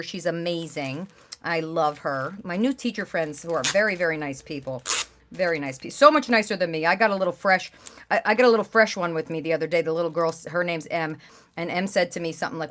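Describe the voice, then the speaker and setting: A woman hosting a craft livestream, chatting casually and gushing over pieces with bursts of excited exclamations. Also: lowish voice, slight background noise. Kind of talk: casual chat while showing craft pieces.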